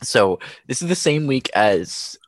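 A man's voice: medium pitch, unhurried, no echo, studio quality. A young man co-hosting a podcast, telling stories in a casual chat and laughing often. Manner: laughs often, animated storytelling. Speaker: podcast co-host.

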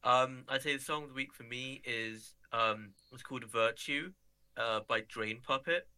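A man chatting loosely on a podcast, with a sharp, bright tone. He pauses often and fills the gaps with ums. His voice sits in an ordinary middle range. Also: mid-range voice, clear, resonant tone. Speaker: podcast co-host. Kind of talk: casual chat.

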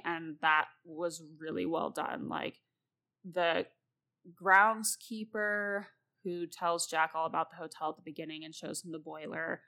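Woman rambling about her novels, lowish voice, laughs a lot, close mic. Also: pushed and bright. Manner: chatty, rambling, laughs often. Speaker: podcast host and novelist. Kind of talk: casual solo talk about writing.

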